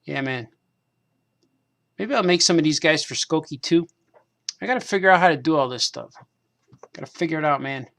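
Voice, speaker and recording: A man's voice: fairly high pitch, brisk, gravelly, pauses often, a bit bright. A man talking to himself in a loose, meandering way while he paints toy figures, repeating phrases and laughing at himself. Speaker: cartoonist hosting a craft stream. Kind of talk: casual rambling monologue while painting figures.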